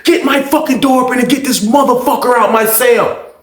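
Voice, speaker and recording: A man voicing a furious shirtless male inmate who shouts high and strained at someone by his door. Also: animated, normal speed, roomy sound, recorded from a distance. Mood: taunting.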